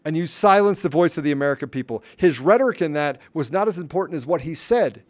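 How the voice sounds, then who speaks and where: Guy with a higher voice ranting on his podcast, fired up, keeps repeating himself for punch. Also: animated, quick pace. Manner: fervent, emphatic, repeats phrases for emphasis. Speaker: podcast host. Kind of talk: impassioned political commentary.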